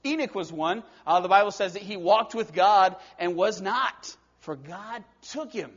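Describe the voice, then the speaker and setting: A male preacher delivering a sermon in a storytelling way, swinging between soft passages and emphatic ones, on a dull lo-fi recording. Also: sits high, unhurried.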